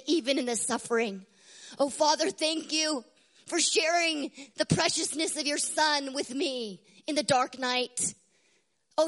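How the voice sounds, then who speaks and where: A woman preaching a devotional sermon with a strained voice, dropping to hushed whispers and then rising to loud, fervent exclamations. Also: sits high.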